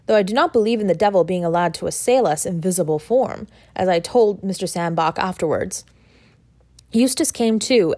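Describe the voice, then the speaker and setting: A woman narrating a classic short story in a measured first-person telling. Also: mid-range voice, a little mellow, no room sound. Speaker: audiobook reader.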